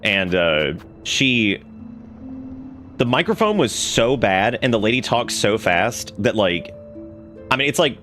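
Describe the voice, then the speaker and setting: Rambling man with a low voice. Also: very animated, slow pace, long pauses, a bit bright, faint music behind. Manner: rambling, laughing storyteller with many restarts. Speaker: game streamer and voice actor. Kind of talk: casual gameplay commentary.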